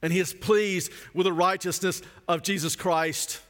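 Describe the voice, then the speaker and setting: A middle-aged man preaching a sermon in an earnest way, repeating phrases for emphasis and slowing down on key lines. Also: high voice, steady tone, fairly bright tone. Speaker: pastor. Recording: long hall reverb.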